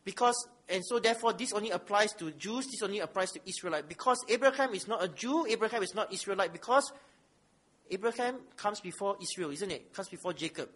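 Male preacher, high pitch, bright tone, emphatic, rhetorical questions, sermon with scripture reading. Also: lively intonation, fairly quick.

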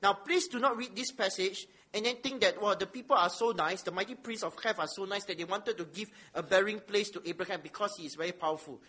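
A man's voice: high-pitched, quick pace, few pauses, bright, forceful tone. A man preaching a sermon, reading scripture aloud and asking the listeners rhetorical questions with emphasis.

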